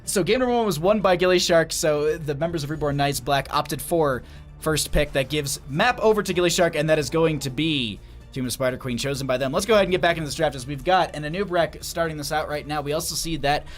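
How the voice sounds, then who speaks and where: A young man casting a competitive video game match solo on a stream, his voice sitting a touch high for a man. He talks in a loose, chatty way, laughs easily and trips over player names as he reads chat. Music plays quietly underneath. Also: quick pace. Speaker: esports caster. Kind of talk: solo game commentary on a livestream.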